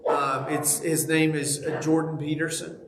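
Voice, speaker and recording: A man's voice: on the high side, level tone. Texan man teaching a church class. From Texas. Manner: folksy, halting, many fillers and restarts. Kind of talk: casual church class talk. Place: church auditorium. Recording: echoey church room, faint noise.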